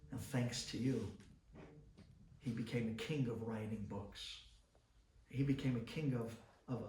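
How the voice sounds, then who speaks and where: A rabbi giving an inspirational talk, telling stories dramatically and swinging between loud bursts and hushed asides. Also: male voice, mid-range voice, reverberant, distant mic, a little hiss or hum.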